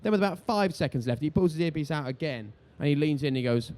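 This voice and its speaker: Fast-talking man telling stories. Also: on the high side. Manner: animated, quick, acts out voices in his stories. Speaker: TV sports presenter, interviewed guest. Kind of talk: lively anecdotal storytelling on stage. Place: live event stage before an audience.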